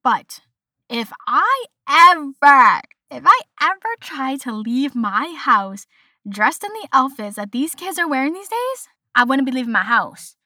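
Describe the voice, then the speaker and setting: Young woman, podcast host, casual rant, bright crisp voice, dry close mic, a little high. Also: sing-song, unhurried, no echo. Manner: chatty, exasperated, mimics voices in quotes.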